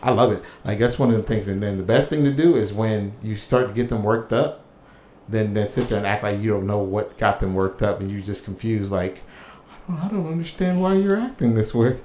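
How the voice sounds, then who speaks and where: A man's voice: on the low side, steady tone, brisk, a little mellow. A man co-hosting a casual chat, playful and teasing, who laughs often. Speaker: podcast co-host. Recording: echoey room with background noise.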